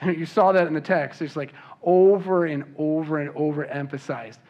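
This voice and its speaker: A man's voice: on the high side, fairly even intonation, moderate pace, muffled recording. A man preaching a sermon as pastor, emphatic and repeating words when he stresses a point. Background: soft worship music.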